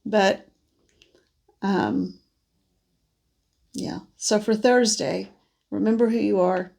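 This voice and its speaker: Female card reader, mid-pitched, vocal fry, allergy-congested; soft, wandering delivery with pauses. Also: steady tone. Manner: gentle, meandering, with many pauses and restarts. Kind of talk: spiritual message monologue.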